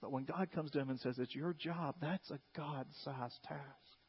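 A pastor preaching a sermon, animated and conversational, retelling scripture and acting out its figures in asides. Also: male voice, medium pitch, moderate pace, slightly rough. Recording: long hall reverb, dull lo-fi sound.

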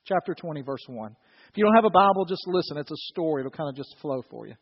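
A man's voice: on the high side, expressive, fast talker, husky. A man preaching a sermon to his congregation, conversational and joking with the listeners. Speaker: pastor. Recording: dull, reverberant hall recording.

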